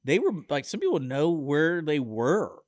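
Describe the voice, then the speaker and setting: A man's voice: fairly high pitch, wildly swooping pitch, a little slow, no room sound, clean studio sound. Laid-back, jokey male radio co-host. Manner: laid-back, jokey, calls people dude, laughs a lot. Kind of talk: casual chat. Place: radio studio. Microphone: studio microphone.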